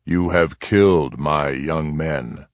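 A man reading aloud gives voice to a stern Apache chief in a storybook western. The chief talks in a very deep, slow, deliberate way, each phrase weighed and grave, with a dry, close sound. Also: dry recording. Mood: grave, measured.

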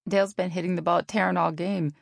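A woman voicing a wry, amused softball catcher commenting on the game. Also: on the low side, steady tone, quick pace, vocal fry, no room sound, clean studio sound, voice pushed up. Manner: wry, chuckling.

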